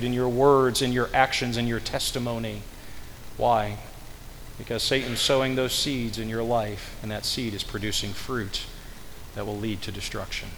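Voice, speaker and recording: A man preaching a sermon, swinging between hushed low passages and loud emphatic peaks, and slowing right down when he quotes scripture. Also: long reverb tail, slight background noise, poor audio. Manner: slow, drawn-out delivery when quoting scripture.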